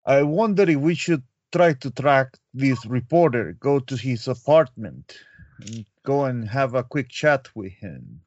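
A man voicing a brooding Russian man with a Russian accent, formal and deliberate, in a tabletop role-play game. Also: mid-range voice, expressive, darkish tone, no room sound, dull audio. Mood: earnest. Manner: slow, deliberate and formal, Dracula-like. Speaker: player.

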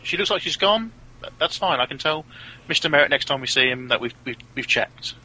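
Sharp bright-voiced man at a game table. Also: a little high, expressive, brisk, husky, rough recording. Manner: hesitant, stumbling. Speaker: player. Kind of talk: casual game chat.

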